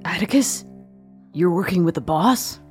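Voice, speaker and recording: A woman voicing a nervous, low-ranking henchman who speaks hesitantly and apologetically. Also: lively intonation, moderate pace, a little mellow, soft background music, natural voice. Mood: wary.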